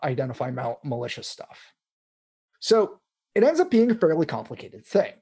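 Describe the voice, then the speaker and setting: A man's voice: medium pitch, vocal fry, dark tone. A man hosting a casual tech chat, rambling with restarts and fillers. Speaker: podcast host.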